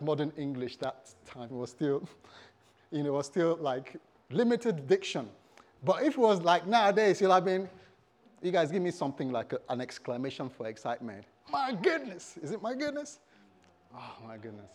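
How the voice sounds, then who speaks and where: Animated, joking male pastor. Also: on the high side, brisk. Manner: animated, humorous, engages the congregation. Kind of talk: sermon.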